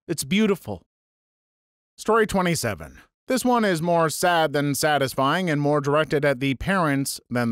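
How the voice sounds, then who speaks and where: Male story narrator for read-out anecdotes, slightly high and animated, dry booth-like sound. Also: dry recording. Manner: reads first-person anecdotes in a storytelling tone. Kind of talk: scripted narration of reader stories.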